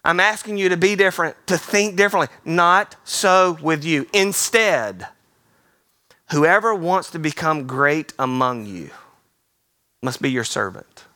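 A man preaching a sermon in a theater, energetic and playful, slipping into quick voices. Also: a little high, dry recording, studio quality. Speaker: pastor.

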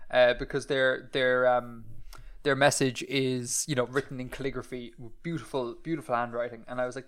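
A man's voice: mid-range voice, steady tone, normal speed. A man with an Irish accent co-hosting a podcast, rambling and self-deprecating as he chats. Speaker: podcast co-host. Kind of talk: casual chat.

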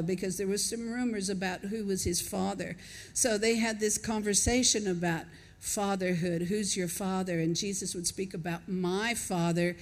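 A woman preacher giving a conversational, reflective sermon, asking the listeners questions. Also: mid-range voice. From not from Australia, lives there. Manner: conversational, reflective, chuckles between points.

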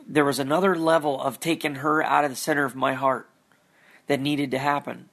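A man's voice: mid-range voice, a bit bright. A man giving an earnest, reflective talk about his faith, often searching for words and repeating phrases. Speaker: Christian vlogger.

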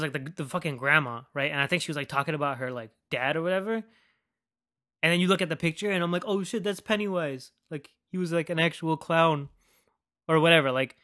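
Animated young man ranting, constant swearing. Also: a little high, normal speed, pauses often. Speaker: podcast host. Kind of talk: casual profane movie rant.

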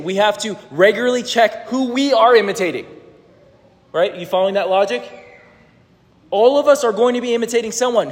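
Male pastor with a high voice, conversational, quizzes the room; long hall reverb. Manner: conversational, asks the congregation questions. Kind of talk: sermon.

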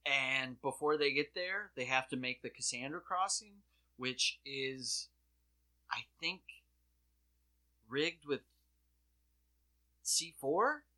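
A man co-hosting a casual comedic chat, excitable and sarcastic, acting out his own reactions. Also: medium pitch, takes it slowly, long pauses. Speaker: podcast co-host.

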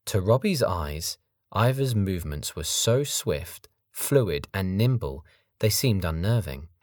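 A man narrating a novel audiobook in a measured, steady reading style. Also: low-pitched, no echo, clean studio sound. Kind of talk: scripted narration.

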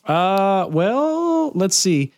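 A man from Texas co-hosting a casual podcast, rambling and joking, high on weed. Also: big pitch swings, a little mellow, no room sound, studio quality. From San Antonio, Texas. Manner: jokey, rambling, quick to laugh. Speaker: podcast co-host.

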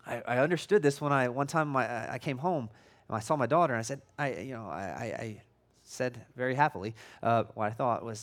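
A male pastor preaching a casual, conversational sermon, often restarting and repeating words, with a tone that can come across as loud. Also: medium pitch, expressive, brisk. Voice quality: tone that can sound loud or angry.

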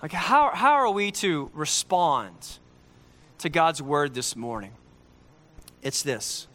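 A male preacher delivers a sermon in a high, bright voice. He speaks emphatically, slowing down to repeat his key lines for effect. His delivery rises and falls with his points.

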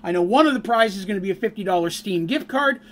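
High-voiced, upbeat streaming game master. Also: male voice, lively intonation, fast, a bit bright, a little hiss or hum. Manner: upbeat, chatty, teasing laughs. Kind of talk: casual stream chat.

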